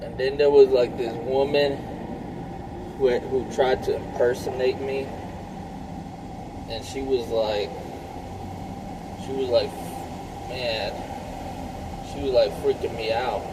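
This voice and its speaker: A man in his thirties rambles slowly through a casual monologue, packing his talk with filler words and swearing. Loud car and traffic noise runs behind him. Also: medium pitch, steady tone. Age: 30s. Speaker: vlogger.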